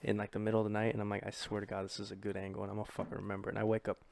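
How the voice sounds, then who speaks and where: Young guy with a gravelly voice, rambling podcast chat, swears a lot. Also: fairly low pitch, monotone, racing, a little mellow, a little hiss or hum. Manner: rambling, profane, self-deprecating. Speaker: podcast host. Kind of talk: casual chat.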